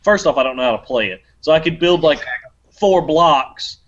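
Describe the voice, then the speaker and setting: A man's voice: fairly high pitch, lively intonation, moderate pace. A man co-hosting a casual gaming podcast, swearing freely and laughing often. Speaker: podcast co-host. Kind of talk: casual chat. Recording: dull lo-fi podcast audio.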